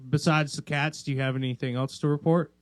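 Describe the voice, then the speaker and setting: A man's voice: a little high, fairly even intonation, a little fast, no echo. A young man co-hosting a podcast in casual chat, rambling and riffing on silly jokes. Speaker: podcast co-host.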